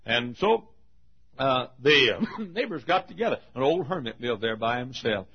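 A man preaching a sermon, telling stories and laughing often between phrases, moving from hushed storytelling to shouted appeals. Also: sing-song, moderate pace, husky. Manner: swings from hushed storytelling to shouted high-pitched exhortation. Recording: dull lo-fi sermon recording.

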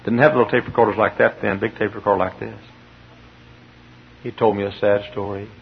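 A man's voice: fairly low pitch, flat delivery, fairly quick, vocal fry. A male pastor preaching a sermon in a church, telling a story with emphatic bursts. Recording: dull lo-fi sermon tape with faint hiss.

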